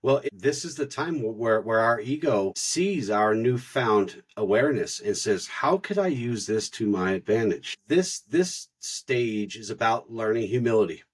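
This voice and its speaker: A man's voice: mid-range voice, slightly rough. A man co-hosting a spiritual podcast, explaining stages of inner growth in an earnest teaching manner and sometimes repeating words as he thinks. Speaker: podcast co-host.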